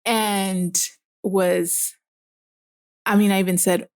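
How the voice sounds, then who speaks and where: A woman's voice: medium pitch, steady tone, slow, darkish tone, no room sound, clean studio sound. A young woman, a mother, speaking candidly in casual conversation with many fillers. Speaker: guest.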